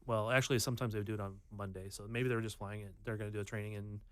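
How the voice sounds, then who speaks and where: Lowish-voiced man, thinking aloud. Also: little pitch movement, rapid-fire, smooth, no echo. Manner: hesitant, restarts and thinks aloud. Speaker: podcast co-host. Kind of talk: casual sports chat.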